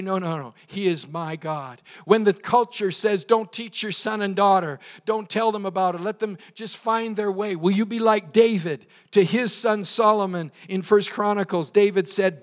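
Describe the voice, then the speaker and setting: A man preaching a sermon at a church service, quoting scripture with passion and leading the congregation in call and response. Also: high voice. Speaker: pastor.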